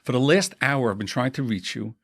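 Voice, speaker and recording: A man's voice: medium pitch, expressive, a little slow, dark tone, no room sound. A frazzled wife reels off her complaints in a rising, accusing tone, as a man puts her on. The voice has a little grit and is recorded dry, close to the mic. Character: frazzled wife upset at a late husband.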